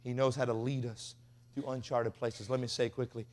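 A man's voice: medium pitch, little pitch movement, normal speed, slight background noise. A man preaching a revival sermon, telling stories in a folksy way and acting out the voices of the people in them. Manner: folksy storyteller, mimics voices, builds to shouting. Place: revival tent.

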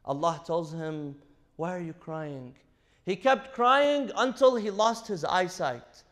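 An imam gives a Ramadan night sermon in a mosque or Islamic center, retelling a prophet's story and reciting verses in between. His voice is high, fairly bright, and slow.

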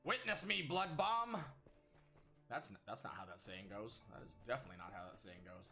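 A man giving casual, excitable commentary while playing a game at home, exclaiming often and talking to himself. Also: low voice, very fast. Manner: excitable, frequent exclamations, self-talk. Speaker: gaming channel host. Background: game music.

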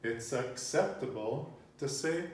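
A man's voice: medium pitch, animated, slow. A man teaching a casual Spanish lesson, patiently prompting his learner and repeating her answers. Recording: roomy, distant mic with faint noise.

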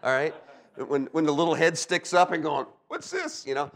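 A man's voice: a little high, steady tone, brisk, a bit bright. A middle-aged man from Delaware preaching a sermon as a pastor, telling stories with sound effects and frequent "okay?" asides. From Delaware, USA.

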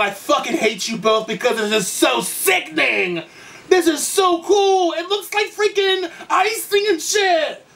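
A young man with a high, bright voice gushes through a reaction in a campy, swear-filled rush. He gasps and shrieks often, and a loud pop track plays behind him. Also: recorded from a distance. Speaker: YouTube reactor. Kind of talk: excited reaction commentary. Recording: music video playing loudly behind. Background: pop music.

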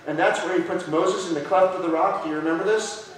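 A man's voice: on the high side, fairly even intonation, fast talker. A male pastor preaching a sermon in a conversational way, often asking his congregation questions. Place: church sanctuary. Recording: echoey church room, voice from a distance.

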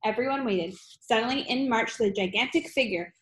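A woman's voice: on the high side, brisk. A woman narrating a children's novel aloud, reading steadily with occasional slips and fillers. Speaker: audiobook reader. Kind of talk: storybook narration.

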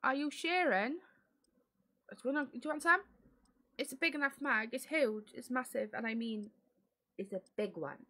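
A woman streaming a game early in the morning, chatting to viewers in a croaky, sleepy voice and laughing loudly. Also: sits high, normal speed, pauses often. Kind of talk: casual chat while gaming live.

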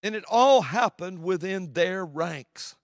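A man preaching a sermon from the pulpit, swinging between loud declarations and hushed, low passages. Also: expressive, takes it slowly, dry recording, studio quality.

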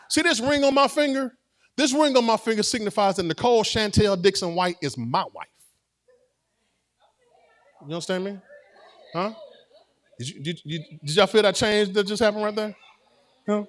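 A man's voice: high-pitched, lively intonation, moderate pace, fairly bright tone. A man preaching a sermon as pastor, conversational and playful, with call-and-response to the congregation.

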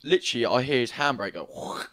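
Animated young guy. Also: mid-range voice, a little fast. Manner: animated, excitable, acts out voices. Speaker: podcast co-host. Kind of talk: casual storytelling chat.

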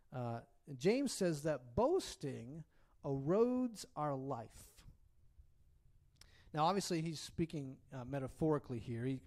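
Man, sermon, slightly higher voice, chatty, checks in with the congregation, expressive. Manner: conversational, often checks in with "right?" and "okay?". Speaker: preacher. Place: church.

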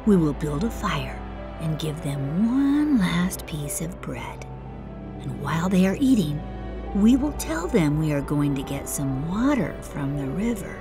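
A woman voicing a cruel, scheming stepmother in a children's storybook reading, bossy and harsh, dropping low when she plots. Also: very animated, normal speed, over music.

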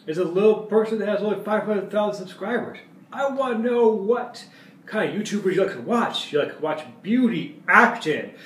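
A male vlogger talking casually to camera in a playful way, jumping between loud outbursts and quiet asides. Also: sits high, far from the mic. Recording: echoey room, away from mic.

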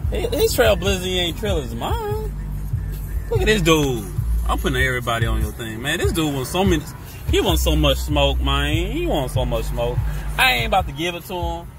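Brief: cursing male vlogger, animated roast commentary, music behind him. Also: on the high side, moderate pace. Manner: profane, trash-talking roast of passersby. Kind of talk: casual comedic commentary while driving. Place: inside a vehicle, driving home from work.

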